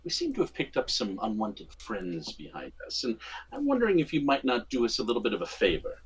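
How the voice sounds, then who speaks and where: A man voicing a charming male investigator who speaks in a measured, courteous way, in a tabletop game. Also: medium pitch, wildly swooping pitch, slightly rough, exaggerated voice. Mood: smooth.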